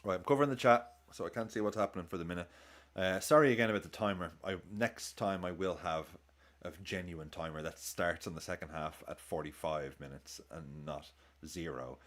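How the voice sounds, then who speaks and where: A man hosting a football watchalong, chatting excitably and swearing as he reacts live to the game and his chat. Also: low voice, a little fast. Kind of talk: live match commentary and chat.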